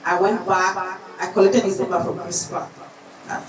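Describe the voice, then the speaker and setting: A woman's voice: fairly low pitch, fairly even intonation, moderate pace, a crowd in the background. A woman teacher giving an earnest conference lecture, telling a personal story from her school. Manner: earnest, storytelling, acts out quoted voices. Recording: echoey hall, distant mic, audience.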